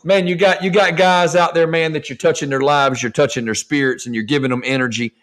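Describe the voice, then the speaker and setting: A male podcast host with a slightly high voice, talking in loose, profane chat. He is emphatic and keeps repeating names. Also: steady tone, a little fast, fairly bright tone. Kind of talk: casual chat.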